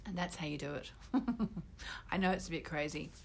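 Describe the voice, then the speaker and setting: A woman's voice: sits low, steady tone, rapid-fire, creaky. British woman guiding a manifestation exercise. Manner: gently instructive, with bursts of loud ecstatic gratitude. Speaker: astrology teacher leading an online gathering. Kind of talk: guided manifestation exercise for a live online group.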